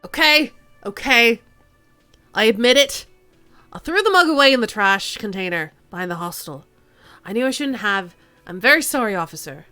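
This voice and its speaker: A man's voice: sits high, animated, normal speed, pauses often, pushed and bright, clear, resonant tone, dry recording, faint music behind, heavily acted. Woman reading as a jittery, overly polite suspect. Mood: sheepish. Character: nervous middle-aged man under police questioning.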